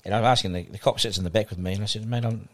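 A man's voice: lowish voice, very fast. A middle-aged man with a New Zealand accent telling a story as a podcast guest, acting out the dialogue as he goes. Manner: animated anecdotal storytelling, acting out quoted dialogue. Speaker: guest broadcaster.

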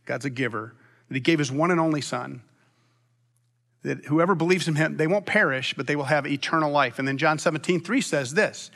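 A man preaches from the pulpit in a long-winded, animated way, often restarting his sentences. His voice sits fairly high and sounds bright and forceful. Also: a little fast. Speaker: pastor. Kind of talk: sermon.

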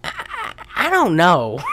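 A young woman with a lowish voice chats loosely about a movie, swearing freely and slipping into quoted lines. Her pitch swings widely as she tells it. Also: wildly swooping pitch, takes it slowly, noisy background. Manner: rambling, profane, acts out quotes. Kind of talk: casual chat recapping a movie.

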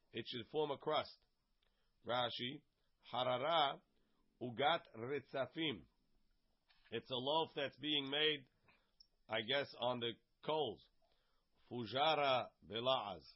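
A man teaching a casual text study class. He reads each phrase and then translates and explains it in plain words. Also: medium pitch. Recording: dull, lo-fi sound.

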